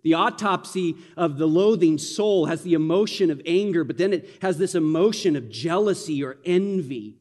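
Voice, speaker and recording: A middle-aged male pastor preaching a sermon in an animated, conversational way with frequent restarts. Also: a little high, moderate pace, hardly any pauses, long reverb tail.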